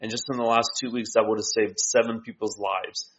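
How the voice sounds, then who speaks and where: A man's voice: on the low side, steady tone, fairly quick, dull audio. A man co-hosting a political talk show, explaining his views steadily and often ending with a tag question. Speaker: co-host.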